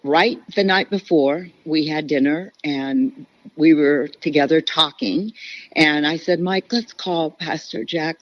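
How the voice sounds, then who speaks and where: A woman's voice: low voice, a little mellow, dry recording. A middle-aged woman, a podcast guest, telling a personal story earnestly and with feeling. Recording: dull, lo-fi podcast audio.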